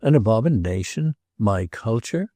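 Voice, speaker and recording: A man's voice: mid-range voice, animated, normal speed, warm tone, dry recording, close to an everyday voice. A man doing a sonorous, pompous older patron. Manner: sonorous, self-important.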